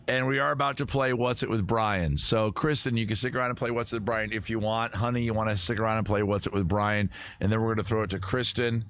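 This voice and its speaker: Male livestream host, low-ish voice, rambling and wisecracking. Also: steady tone, brisk, a bit bright, a little hiss or hum. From Maryland. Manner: rambling, jokey, talks to chat and guests. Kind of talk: casual livestream chat reading viewer comments.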